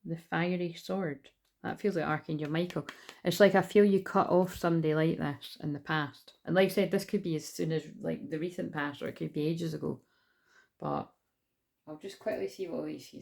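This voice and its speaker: A woman giving a casual spiritual card reading at home, chatty and rambling with excitable asides. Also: low-pitched, moderate pace, gravelly. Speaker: tarot reader. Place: at home indoors.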